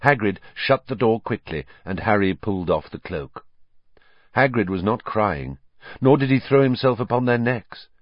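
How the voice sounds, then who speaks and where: Expressive male storybook narrator. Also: lowish voice, normal speed, no room sound. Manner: expressive, varied reading. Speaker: audiobook narrator. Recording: dry, slightly muffled recording.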